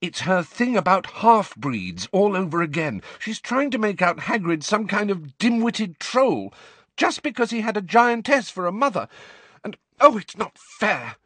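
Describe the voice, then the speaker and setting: Brief: clever schoolgirl read by a man, indignant and quick, pitched up. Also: very animated, fairly bright tone, no room sound, exaggerated voice. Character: clever, indignant teenage girl student.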